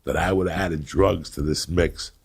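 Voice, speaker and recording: A middle-aged man from New Jersey, a comedian host telling loud, crude, rambling stories in casual chat. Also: low-pitched, steady tone, moderate pace. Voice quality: gravelly. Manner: loud, rambling and crude, breaking into acted quotes. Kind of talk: profane storytelling chat.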